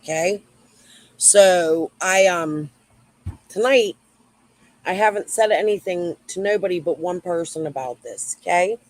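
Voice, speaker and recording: A woman hosts a YouTube livestream, rambling and cursing as she replies to viewers in chat. Her fairly low voice moves a little slowly with long pauses, and the audio is poor but free of echo.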